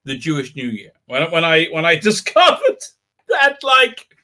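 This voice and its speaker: A man's voice: fairly high pitch, wildly swooping pitch, a little slow, pushed and bright. A man hosting a livestream in casual chat, rambling and restarting often, with laughs breaking into his words. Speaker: livestream host.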